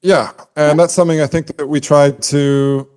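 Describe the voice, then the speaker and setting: A man's voice: a little high, steady tone, moderate pace, darkish tone, clean tone. A man co-hosting a podcast, explaining poetic meter in a casual, scholarly way and humming out rhythms with his voice. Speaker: podcast co-host.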